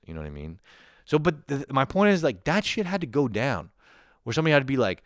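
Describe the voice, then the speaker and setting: On his own show, a thirty-something male podcast host rants comedically, cursing with exasperation and acting out quotes he imagines. His mid-range voice swings widely in pitch and runs a little fast. The studio-quality recording has no echo.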